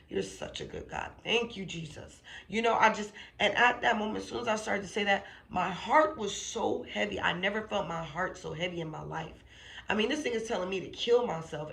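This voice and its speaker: A woman's voice: on the low side, creaky, a bit bright. A woman sharing a personal faith testimony in a casual, emphatic way. She repeats phrases for emphasis and keeps checking in with "okay?" and "you know what I'm saying?". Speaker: channel host giving a faith testimony.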